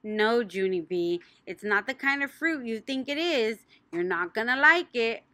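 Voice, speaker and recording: A woman's voice: a little high, lively intonation, unhurried, pushed and bright, dry recording. A woman voicing a patient but weary mother in an audiobook, coaxing and mildly exasperated. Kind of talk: audiobook reading.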